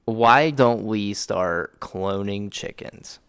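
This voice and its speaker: Gravelly young man riffing on a podcast. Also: lowish voice, slow pace, a bit bright, no room sound, clean studio sound. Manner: laughing, playfully questioning, rambling. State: intoxicated. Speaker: podcast co-host. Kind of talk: casual chat.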